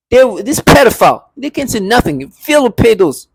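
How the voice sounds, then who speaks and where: A man's voice: high voice, sing-song, quick pace, few pauses, slight background noise. A man delivering an agitated, repetitive rant to camera from his apartment, with bitter laughs. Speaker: vlogger. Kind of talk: angry monologue to camera.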